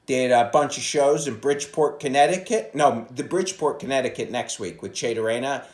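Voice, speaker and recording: Profane rambling comedian, echoey phone audio. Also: male voice, mid-range voice, fairly quick. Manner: profane, rambling, jumps into loud impressions. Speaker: stand-up comedian. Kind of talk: casual solo podcast monologue. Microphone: phone propped against a coffee cup.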